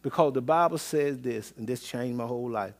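A man preaching a sermon as pastor, swinging between loud exclamations and low murmurs, with repeated call-outs to the congregation. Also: a little fast. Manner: repetitive call-and-response phrasing.

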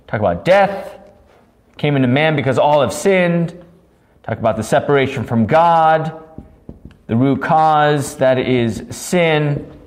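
A man with a fairly high voice preaches a catechism lesson with real passion. He swings from loud, emphatic declarations down to quiet asides, talking to a recording rather than a crowd. The delivery is earnest and insistent throughout. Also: lively intonation, takes it slowly. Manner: passionate, rising to near yelling, then dropping to quiet asides. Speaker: pastor teaching catechism. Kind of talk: recorded live Bible study sermon. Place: alone, recorded live without audience.

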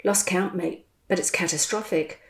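A woman voicing a chatty, blunt expat man, talking in a lively, slangy way. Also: fairly low pitch, moderate pace, lightly acted. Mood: matey. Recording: roomy echo.

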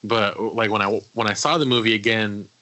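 A man co-hosting a casual podcast, talking in a measured, reflective way. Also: fairly low pitch, steady tone, pushed and bright, no room sound, rough recording. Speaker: podcast co-host.

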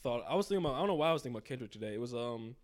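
A man in casual chat, teasing his co-host, laughing often and quick to object. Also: medium pitch, animated.

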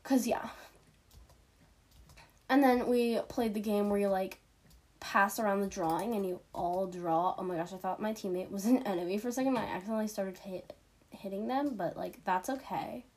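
A woman's voice: mid-range voice, normal speed, a little mellow. A teenage girl giving casual, chatty gameplay commentary, giggling and poking fun at herself as she plays. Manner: chatty, giggly, self-mocking. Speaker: gaming streamer.

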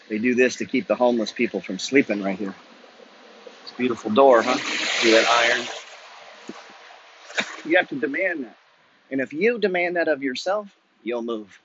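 A man's voice: medium pitch, fairly bright tone, husky, dry recording, lo-fi sound. A man ranting bluntly and profanely while walking city streets, preaching a motivational walk-and-talk monologue. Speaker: vlogger. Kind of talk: walking-and-talking motivational rant.

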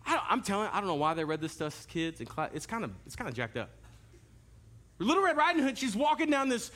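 A male pastor preaches a sermon with a very high, bright voice. He is animated, telling stories and speaking straight to his congregation. The delivery feels lively and personal. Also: fast. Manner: animated, storytelling, direct to the congregation.

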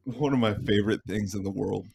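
A man's voice: fairly low pitch, brisk, vocal fry, darkish tone, breathy edge. A man hosting a casual podcast, joking crudely and laughing often. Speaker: podcast host.

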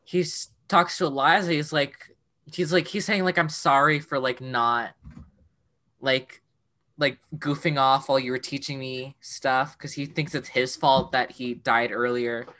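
A woman's voice: rumbling low, fairly even intonation, measured pace, a bit bright. A teenage girl chatting casually with a friend, full of fillers, now and then singing a line. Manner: chatty, many fillers, breaks into singing lines. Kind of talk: casual chat about a musical.

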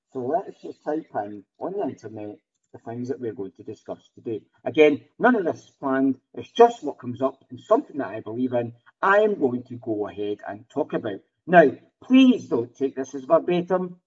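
A man's voice: fairly high pitch, darkish tone, dull audio. A man hosting a solo podcast off the cuff, rambling and often ending sentences with "right?". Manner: rambling, restarts often, tags lines with "right?". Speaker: podcast host.

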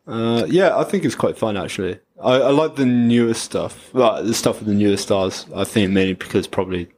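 Laid-back lower-voiced man. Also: a little fast, a little mellow. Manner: laid-back, offers opinions with hesitations. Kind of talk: casual podcast chat.

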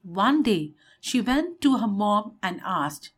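Animated woman telling a children's story. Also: medium pitch, takes it slowly, breathy edge.

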